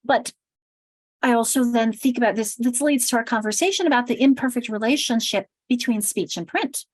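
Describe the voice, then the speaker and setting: An American woman runs a teacher training session, pronouncing everything with crisp, deliberate care. She shows sounds off aloud with lively emphasis. Her voice is close and dry, with no room around it. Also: on the high side, no room sound, poor audio. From United States. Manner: enunciates very carefully and crisply. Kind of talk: workshop presentation.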